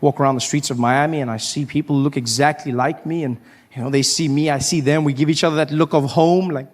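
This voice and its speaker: A man performing stand-up on a comedy stage, telling stories with animated, self-mocking delivery. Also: a little high, quick pace. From South Africa.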